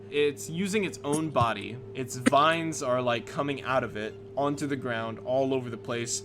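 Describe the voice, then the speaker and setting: A man narrating a tabletop game as game master in a loose way with plenty of fillers. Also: mid-range voice.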